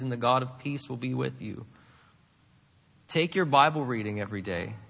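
A man's voice: mid-range voice, fairly bright tone, in a large hall. A man preaching a sermon, emphatic, with many rhetorical questions to the congregation. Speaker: pastor.

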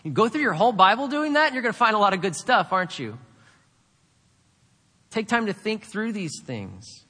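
A man's voice: high-pitched, sing-song, moderate pace, sharp tone, in a large hall. A man preaching a sermon, emphatic, with many rhetorical questions to the congregation. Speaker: pastor.

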